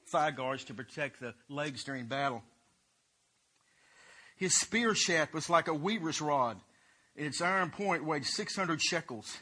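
A man's voice: fairly high pitch, sharp tone, breathy edge. A man teaching a Bible lesson, retelling scripture in loose everyday talk.

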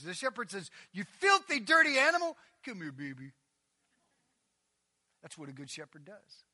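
A man preaching a sermon in a high, bright voice. He talks conversationally, with quick asides and fillers. He pushes some lines out loud and emphatic and drops others to a near-whisper. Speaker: pastor.

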